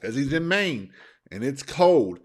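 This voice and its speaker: A man's voice: medium pitch, very animated, a little slow. Folksy man coaching. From Northern Kentucky, USA. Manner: folksy, rambling, plain-spoken. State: sore throat. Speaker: business coach. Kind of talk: motivational live-stream talk.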